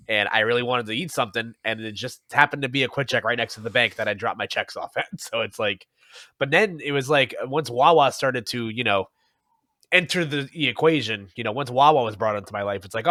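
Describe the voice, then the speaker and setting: Rambling, laughing podcast co-host. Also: male voice, mid-range voice, sharp tone, no echo, studio quality. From North Jersey, USA. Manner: rambling, laughs between thoughts. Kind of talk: casual chat.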